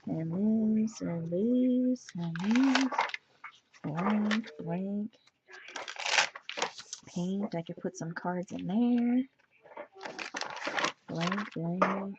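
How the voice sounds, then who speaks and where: A woman's voice: mid-range voice, very slow. A woman casually showing off her journal pages at home, rambling and thinking aloud as she flips through them, a bit tired and sneezy. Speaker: journaling vlogger. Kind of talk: casual show-and-tell chat. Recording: dull lo-fi sound with steady background noise.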